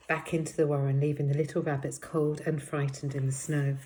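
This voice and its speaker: A woman reads a children's novel aloud, narrating in a steady, expressive way. Her voice sits low and deep for a woman. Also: fairly quick, hardly any pauses. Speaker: storybook reader.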